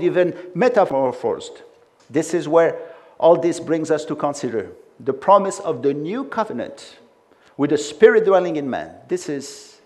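A man's voice: fairly high pitch, a little mellow. A man preaching a sermon with emphatic delivery and frequent conversational asides.

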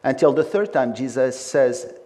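A man's voice: medium pitch, lively intonation, normal speed, warm tone. A man preaching a sermon with emphatic delivery and frequent conversational asides.

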